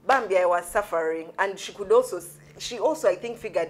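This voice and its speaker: A woman telling a long personal story in casual chat, lively, with quoted asides. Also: medium pitch, brisk, poor audio.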